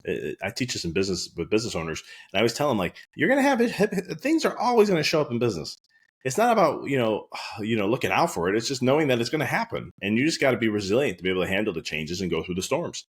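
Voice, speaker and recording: Quick, low-voiced male podcast host and chiropractor; anecdotal, earnest storyteller. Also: sing-song, husky. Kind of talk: casual podcast monologue.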